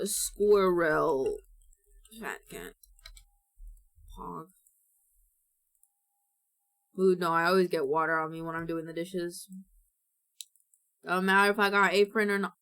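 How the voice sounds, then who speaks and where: A woman's voice: fairly low pitch, a bit bright. A woman streamer chatting casually and goofily to her viewers as she works. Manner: goofy, rambling, talks to herself. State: hiccuping. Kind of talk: casual chat while working.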